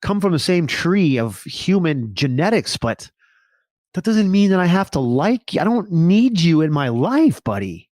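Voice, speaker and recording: A man's voice: a little high, big pitch swings, a little slow, darkish tone, no room sound, studio quality. A man co-hosting a podcast, chatting casually and reacting with short comments. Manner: short reactions, laughs along. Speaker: podcast co-host. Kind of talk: casual chat.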